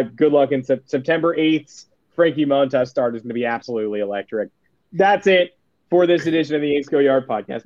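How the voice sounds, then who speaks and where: A man's voice: fairly high pitch, darkish tone, no room sound. A man co-hosting a casual sports podcast who talks in a wry, sarcastic, rambling way. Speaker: podcast co-host. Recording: dull, dry sound.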